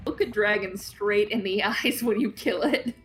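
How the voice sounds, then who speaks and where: A young woman co-hosting a gaming stream, chatting casually and excitedly with frequent giggles while she plays. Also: mid-range voice, normal speed, faint music behind, low-quality recording. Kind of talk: casual chat while playing a game.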